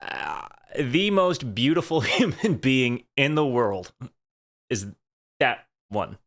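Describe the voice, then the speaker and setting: A man hosting a music reaction video, talking in an earnest, halting way as he thinks aloud. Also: medium pitch, sing-song, a bit bright. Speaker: host of a music reaction channel. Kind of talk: casual reaction commentary.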